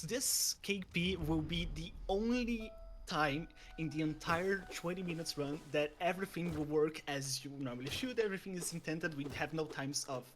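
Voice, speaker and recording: A young man commentating a live speedrun, eager and stumbling over restarts with quick chuckles. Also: a little high, fairly bright tone, slight background noise.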